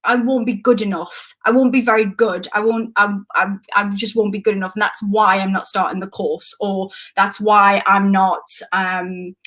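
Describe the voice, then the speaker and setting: A woman's voice: medium pitch, level tone, moderate pace, hardly any pauses, a bit bright. A woman in her thirties with a Geordie accent, hosting a casual live-stream coaching talk from home in a chatty, rambling, self-deprecating way.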